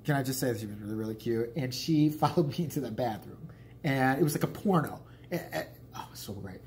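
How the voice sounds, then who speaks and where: A man's voice: medium pitch, lively intonation, quick pace, a little mellow, slight background noise. Profane, rambling man telling a story. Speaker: vlogger. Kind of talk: casual storytelling vlog.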